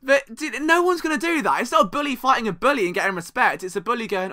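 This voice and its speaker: A young man with a very bright, edgy voice sits high for a man and keeps a solo sports podcast rolling. He jokes, teases and pokes fun at himself as he talks. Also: fast, hardly any pauses. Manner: animated, joking, self-deprecating, does mocking voices.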